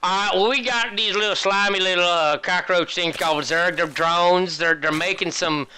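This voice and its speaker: This is a folksy rural redneck, as a man puts him on, talking in a lazy drawl. The voice sits a little higher than his usual one and sounds bright. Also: steady tone, normal speed, slight background noise, poor audio.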